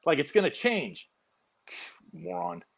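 A man with a slightly high, gravelly voice that swoops up and down as he rants. He sounds exasperated and scornful, telling the story in lively casual chat. The pitch leaps on every jab. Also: a little fast. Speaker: police corporal, show panelist.

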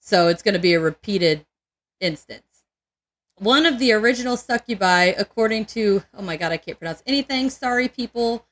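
A woman's voice: mid-range voice, animated, moderate pace. A woman co-hosting a podcast in casual chat, crude and joking, laughing often and tripping over words. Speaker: podcast co-host.

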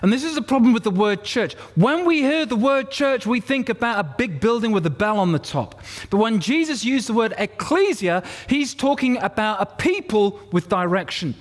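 A man's voice: sits high, animated, moderate pace. A man preaching a sermon to a congregation, explaining scripture and having the crowd repeat words back to him. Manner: expository, leads congregation call-and-response. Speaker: pastor. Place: church.

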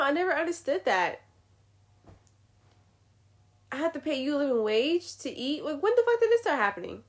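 A woman's voice: high voice, very animated, unhurried, pauses often. Blunt, swearing young woman ranting. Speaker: vlogger. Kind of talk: casual opinion rant.

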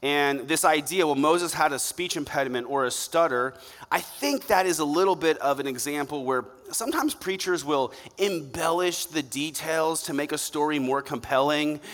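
A man's voice: fairly high pitch, normal speed, a bit bright. A male pastor giving a conversational, joking sermon during a church service, drawing the congregation into a show of hands. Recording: live hall reverb.

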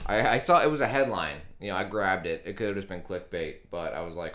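A man co-hosting a podcast, walking through news in an unhurried, informative way. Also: sits low, fairly bright tone. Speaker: podcast co-host. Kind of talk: casual chat, news rundown.

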